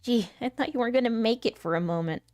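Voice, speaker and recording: A woman voicing a friendly, energetic female travel companion in a voice acting demo read. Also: on the high side, fast talker, no room sound, clean studio sound, close to an everyday voice. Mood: upbeat.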